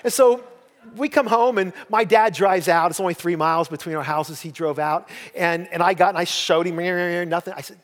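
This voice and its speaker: An older pastor's sermon meanders through homespun tales, told at a normal pace with self-deprecating, folksy humor. For a man his voice sits high, and the big church sanctuary adds a long, ringing reverb.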